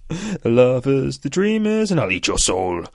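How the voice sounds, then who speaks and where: A man's voice: deep voice, flat delivery, no room sound, clean studio sound. A man chanting as a giant soul-eating demon frog. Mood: sing-song. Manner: loud, drawn-out chanting.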